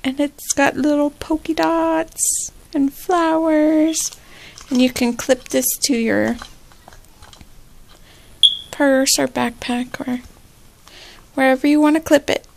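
A woman vlogger chatting casually through an unboxing, gushing and excitable, with squealing exclamations. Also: high-pitched, takes it slowly, creaky, pauses often, slight background noise.

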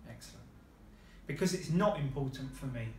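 A man's voice: medium pitch, lively intonation, normal speed, roomy sound, a little hiss or hum. A man teaching a beginners' Spanish lesson, patient and encouraging, praising the learner often. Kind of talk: slow, patient language lesson.

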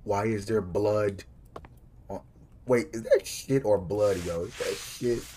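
Jittery low-voiced man playing a scary game. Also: slow pace, dark tone, slight background noise. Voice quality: profane, jumpy, talks to himself. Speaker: gaming streamer. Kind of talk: casual horror game commentary.

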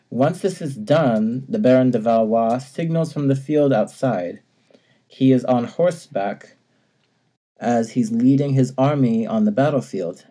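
A man's voice: medium pitch, warm tone. A man casually recapping a video game story, now and then acting out lines and laughing. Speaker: podcast co-host.

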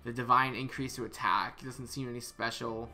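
A man's voice: mid-range voice, fairly even intonation, normal speed, bright, forceful tone. A man casually reviewing a game character, thinking aloud with some hesitant repeats. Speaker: game content creator.

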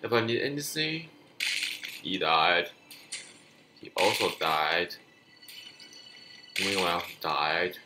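A man doing live gameplay commentary as a gaming youtuber, excitable and swinging from frustrated yelling to low muttering. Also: slow pace, long pauses, background noise.

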